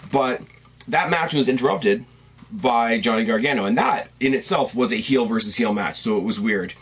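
A man with a slightly husky voice talks through a recap in a loose, rambling way. He gets excited, trips over his words and corrects himself as he goes. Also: medium pitch, normal speed. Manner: rambling, enthusiastic, self-correcting. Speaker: wrestling commentator. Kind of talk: casual recap commentary.

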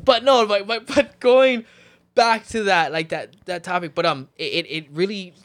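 A man in his thirties, a podcast guest telling lively stories with lots of swearing and laughter. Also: high-pitched, normal speed, dry recording. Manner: animated storytelling, swearing, laughs often. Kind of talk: casual chat.

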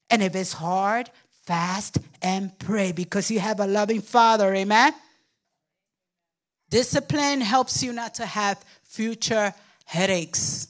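This is an older female pastor's sermon, full of emphatic call-and-response with the congregation. At points she puts on a squeaky voice and plays the part of babbling toddlers.

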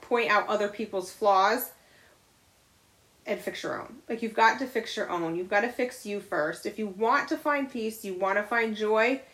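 A woman's voice: mid-range voice, a bit bright. A middle-aged woman co-hosting a podcast, talking in a blunt, confessional way with frequent swearing. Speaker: podcast co-host. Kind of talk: candid casual chat.

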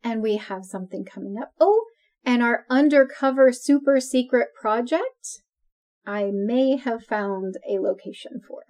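A woman's voice: a little high, unhurried, a little mellow. A woman co-hosting a podcast, chatting casually and laughing often. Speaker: podcast co-host. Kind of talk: casual chat.

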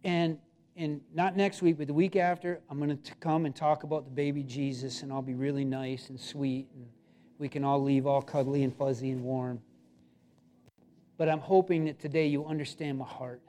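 A man with a notably high voice delivers a sermon from the front of a church. He preaches with emphatic, pleading urgency, pressing his listeners to act. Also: fairly even intonation, normal speed, dark tone. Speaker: pastor. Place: church sanctuary.

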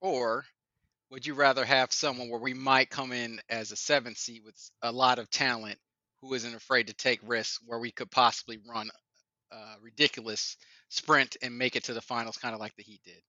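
A man with a bright, edgy voice lays out long, earnest questions about basketball. The sound is dry and muffled, like a lo-fi remote recording. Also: medium pitch, flat delivery, normal speed, no echo. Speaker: podcast co-host. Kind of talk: casual sports chat.

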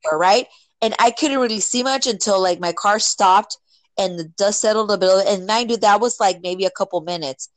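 A woman casually telling a personal story, filling it with "like" and "right?" and acting out quotes with sudden jumps in pitch. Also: brisk, no echo, rough recording. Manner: filler-heavy, many "like" and "right?".

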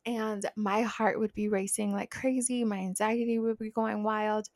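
A woman's voice: mid-range voice, a little slow, no room sound, clean studio sound. A woman in her twenties telling a personal story in a casual, chatty way, full of "like" fillers. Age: 20s. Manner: chatty, animated, lots of "like" fillers. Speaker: vlogger.

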